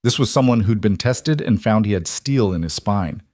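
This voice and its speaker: A man narrating a western romance story in a calm, even storytelling manner. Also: fairly low pitch, moderate pace, no echo, clean studio sound. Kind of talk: scripted audiobook narration.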